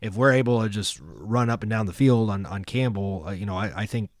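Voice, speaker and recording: A man's voice: lowish voice, fairly quick, no room sound, studio quality. A man co-hosting a casual sports podcast, rambling with many fillers and restarts. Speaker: podcast co-host.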